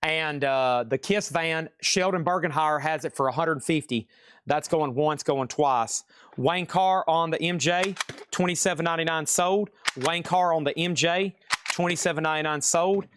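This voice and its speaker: A man hosting a live-streamed record auction, calling bids and sales in a fast, chatty, upbeat patter. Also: a little high, fairly bright tone, a little hiss or hum.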